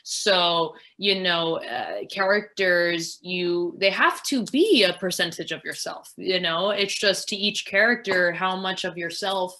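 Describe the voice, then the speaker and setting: Bright-voiced actress musing casually. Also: female voice, lowish voice, measured pace, hardly any pauses. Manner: rambling, filler-heavy, reflective. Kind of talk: casual interview answers.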